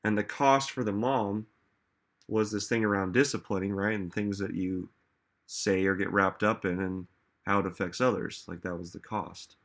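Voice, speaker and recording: Man, self-help speaker, lowish voice, casual, emphatic, chatty. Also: fairly even intonation, normal speed, fairly bright tone. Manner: conversational, frequent "like" and "right?"; emphatic, questions to the audience. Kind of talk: casual motivational talk.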